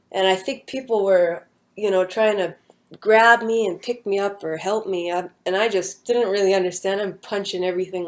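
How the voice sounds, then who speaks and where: A young woman casually recounting a personal near-death story, rambling with many fillers and an earnest, hushed manner. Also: medium pitch.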